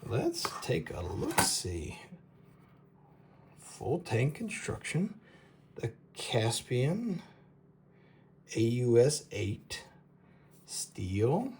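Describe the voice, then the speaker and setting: A man hosting a casual knife review, talking in a halting, rambling way and tripping over names. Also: medium pitch, wildly swooping pitch, darkish tone, slight background noise. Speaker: knife reviewer, show host.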